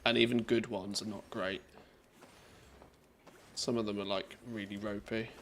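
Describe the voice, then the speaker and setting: Gravelly-voiced male streamer chatting. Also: on the low side, little pitch movement, a little slow, a bit bright, slight background noise. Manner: rambling, restarts mid-thought. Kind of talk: casual live-stream chat.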